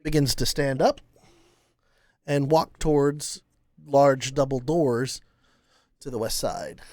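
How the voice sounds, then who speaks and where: A man narrating as game master of a tabletop game, halting with many fillers. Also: medium pitch, warm tone, dry recording, clean studio sound.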